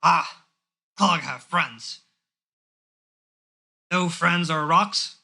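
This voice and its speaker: A man's voice: on the high side, very slow, pushed and bright, full character voice. Guy doing a dumb orc, talks about himself by name, broken grammar. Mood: happy. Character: dim-witted male orc, stooped and simple.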